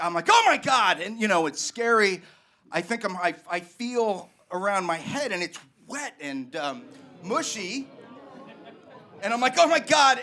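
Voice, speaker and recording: A man telling a comic personal story on a live comedy stage, animated and rambling, with lots of fillers. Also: high-pitched. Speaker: guest storyteller.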